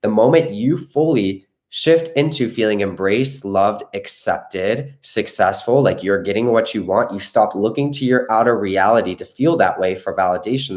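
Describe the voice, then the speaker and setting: A man's voice: fairly low pitch, moderate pace, few pauses, a little mellow. A man coaching viewers on a live stream, earnest and reassuring, often checking in with "okay?". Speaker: manifestation coach.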